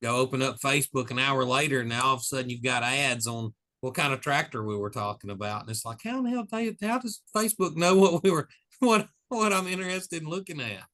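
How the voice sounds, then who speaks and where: A man's voice: mid-range voice, lively intonation, pushed and bright. A man hosting a casual podcast chat, throwing in wry jokes and laughing easily. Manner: joking, quick to laugh, wry asides.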